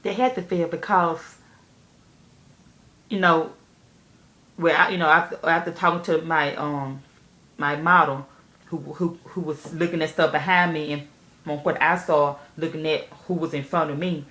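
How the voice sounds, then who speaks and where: A woman telling a story candidly to camera, animated and profane, speaking straight to her viewers. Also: deep voice, measured pace, pauses often, echoey room. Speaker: nail technician vlogger.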